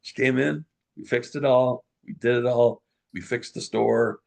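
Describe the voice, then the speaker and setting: A middle-aged man telling a story as a guest in an interview, lively and full of restarts. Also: medium pitch, a little slow, vocal fry. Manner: animated storyteller, many restarts.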